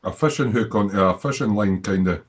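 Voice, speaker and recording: A man's voice: fairly low pitch, a little fast. A man co-hosting a livestream, chiming in with teasing jokes. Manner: teasing, jokey interjections. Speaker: co-host on a modelling livestream. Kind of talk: casual banter.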